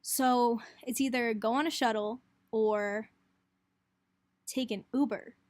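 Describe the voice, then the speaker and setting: A woman's voice: on the high side, steady tone, slow pace, a little mellow, dry recording. Chatty young woman telling a story. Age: young adult. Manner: chatty, breathless retelling, lots of "like", acts out quotes. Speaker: college student vlogger. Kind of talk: casual storytelling vlog.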